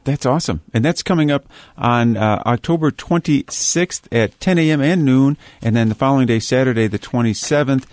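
A man's voice: medium pitch, moderate pace, hardly any pauses, darkish tone, no echo. A man hosting a casual interview, giving upbeat short prompts and announcing show dates. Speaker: host.

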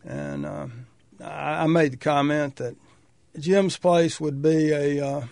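An older man from North Carolina, thoughtfully recalling his past in a measured, pausing way. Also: on the high side, steady tone, vocal fry, darkish tone, no room sound. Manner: measured, thoughtful, with pauses and restarts. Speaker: oral history interviewee. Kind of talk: reflective personal reminiscence.

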